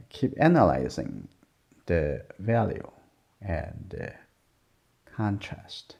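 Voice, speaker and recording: A man teaching a drawing lesson as he works, talking softly in short, simple, broken phrases. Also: low-pitched, big pitch swings, slow pace, gravelly. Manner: soft-spoken, murmuring, simple broken phrasing. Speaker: art teacher. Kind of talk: drawing lesson narration while working. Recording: dull lo-fi sound.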